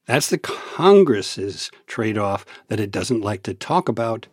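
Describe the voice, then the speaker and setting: A man, a senior political correspondent, answering questions in a radio news interview in a measured, explanatory way with dry asides. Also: lowish voice, sing-song, a little mellow, breathy edge, no echo.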